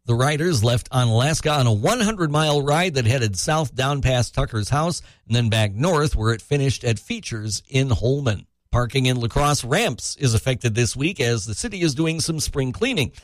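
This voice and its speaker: Male radio newsreader, dry studio read, steady mid-pitched voice, brisk scripted delivery. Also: no echo. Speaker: news anchor. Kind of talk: scripted news reading.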